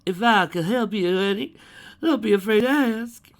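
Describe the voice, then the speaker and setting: A man's voice: sits high, normal speed, voice pushed up, lightly acted. A man voicing a young country shopkeeper with a put-on rural American drawl, calling out a hearty greeting. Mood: welcoming.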